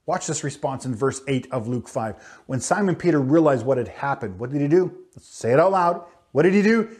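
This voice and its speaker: A man preaching a sermon in church as pastor, animated and acting out quotes with playful voices. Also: on the high side.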